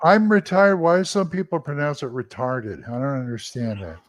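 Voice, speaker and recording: A man's voice: medium pitch, normal speed. A man co-hosting a casual talk show, joking around with wisecracking asides. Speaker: co-host. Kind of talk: casual chat.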